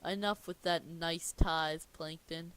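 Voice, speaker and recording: A greedy old crab who runs a burger joint, gruff and loud, as a casual reader puts him on. He barks his lines with heavy emphasis, stretching some words out. The feel is an amateur cartoon script read aloud. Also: medium pitch, steady tone, slow pace. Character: greedy gruff crab restaurant boss, male.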